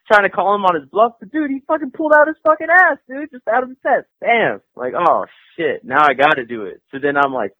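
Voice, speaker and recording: A man's voice: very high-pitched, big pitch swings, quick pace, few pauses, no echo. Chill swearing graffiti guy telling stories, sounds like a phone line, dry. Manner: laid-back, profane, laughs often. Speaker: graffiti artist and painter. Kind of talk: casual interview chat.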